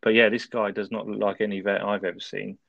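A man, co-hosting a casual film review chat, recapping the plot in a relaxed way and laughing often. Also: on the low side, fast talker, creaky, no room sound, lo-fi sound. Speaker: podcast co-host.

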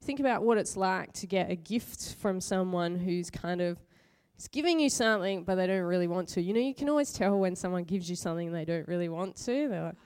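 A middle-aged woman preacher talks her way through a sermon like a friendly chat. She laughs easily and pokes fun at herself. Her voice is smooth and clear. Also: fairly low pitch, fairly quick, few pauses, darkish tone. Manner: chatty, laughs often, self-mocking. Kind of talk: conversational sermon with personal stories.

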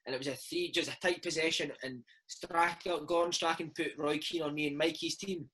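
A Scottish man in his thirties, a former footballer telling animated stories in a casual interview chat, dropping "mate" into every other line. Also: on the high side, a little fast, slightly rough, rough recording. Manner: animated storytelling, peppered with "mate". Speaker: former footballer and podcast host, interview guest.

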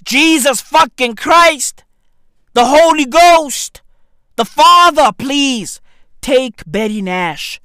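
A man's voice: extremely high pitch, expressive, very slow, no echo, studio quality. Brash, profane man ranting animatedly. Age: 30s. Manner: brash, profane, bursts of shouting. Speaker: vlogger. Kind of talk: comedic rant to camera.

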